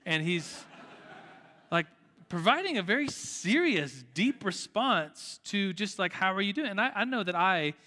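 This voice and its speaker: A man with a bright, fairly high voice leads a church class in relaxed, rambling talk, often restarting his sentences. His voice rings out with a long hall reverb. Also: unhurried. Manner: chatty, with frequent "like" fillers and restarts. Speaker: Sunday school teacher. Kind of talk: informal church class teaching, closing in prayer.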